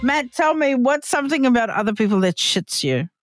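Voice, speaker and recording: A woman hosting a casual podcast chat, asking questions, tossing in wry jokes and quick agreement. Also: a little high, expressive, over music. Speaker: podcast host.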